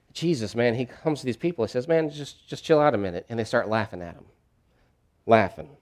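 A middle-aged pastor preaching in a casual, conversational way. His voice sits in an ordinary male range but swings widely, rising loud and emphatic on key lines and dropping to near-quiet asides. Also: medium pitch. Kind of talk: sermon.

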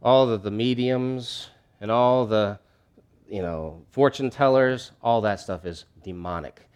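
A man's voice: medium pitch, measured pace, a little mellow, clean tone. Conversational male preacher. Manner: conversational and emphatic, with frequent restarts. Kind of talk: sermon.

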